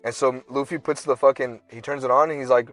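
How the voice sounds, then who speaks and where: A man's voice: medium pitch, steady tone, brisk, a bit bright, faint music behind. A young man co-hosting a podcast, telling a long story in casual slang and acting out characters in bursts. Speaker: podcast co-host. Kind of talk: casual chat.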